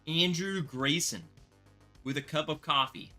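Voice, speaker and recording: A man hosting a casual bourbon livestream, excitable and rambling, thanking viewers by name. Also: medium pitch, measured pace, soft background music.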